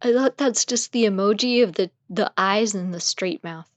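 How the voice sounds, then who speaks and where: A woman's voice: mid-range voice, normal speed, no room sound. A woman co-hosting a comedy podcast, wry and going along with the joke. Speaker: podcast co-host.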